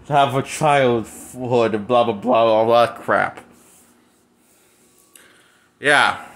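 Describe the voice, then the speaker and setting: A man's voice: mid-range voice, a bit bright. A man in a crude, mocking, casual ranting review of a film, laughing at his own jokes. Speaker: movie reviewer.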